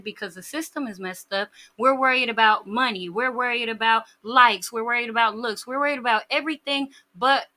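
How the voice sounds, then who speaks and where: A woman's voice: a little high, pushed and bright. A woman giving blunt opinions in a podcast discussion. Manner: frank, blunt, argumentative.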